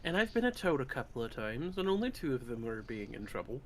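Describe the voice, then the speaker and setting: Lively laughing man playing a character. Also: medium pitch, quick pace, a little hiss or hum. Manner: lively, self-deprecating, laughs often. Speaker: player. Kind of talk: in-character table-top play.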